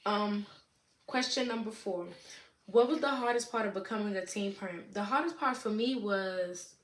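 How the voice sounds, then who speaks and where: A young woman in her late teens chatting casually to camera, answering viewer questions in a relaxed way, with lots of "you know what I'm saying.". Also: mid-range voice, moderate pace. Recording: echoey room with faint noise.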